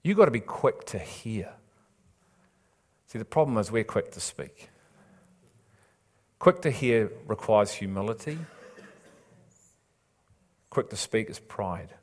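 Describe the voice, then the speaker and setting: A man's voice: fairly low pitch, expressive, slow pace, pauses often. A man preaching a sermon, urging and imploring his listeners with repeated phrases and casual asides. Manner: impassioned, urging, repetitive emphasis.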